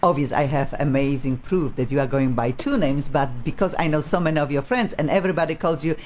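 A woman's voice: sits low, fast talker, darkish tone, dull audio, a little hiss or hum. A woman from Poland with a Polish accent, hosting a live radio talk show in a gushing, effusive way. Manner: effusive, gushing, non-native grammar.

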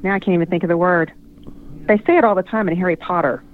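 A woman author talks casually over a tinny phone line. Her voice sits a little low, and she often stops to hunt for a word. The tone stays relaxed and conversational. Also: fast talker, a little hiss or hum. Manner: chatty, searching for words. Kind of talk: casual call-in chat.

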